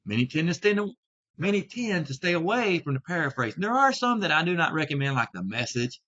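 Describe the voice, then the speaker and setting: A man teaching about Bible translations in a video talk, speaking deliberately and stressing key words. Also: a little high, big pitch swings, sharp tone. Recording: slightly dull lo-fi sound.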